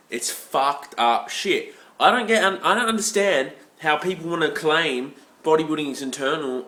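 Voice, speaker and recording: A young Australian fitness vlogger rants into the camera in a mid-range, pushed and bright voice, recorded in an echoey room. His monologue is blunt and heavily profane, rambling with many restarts and "you know" asides.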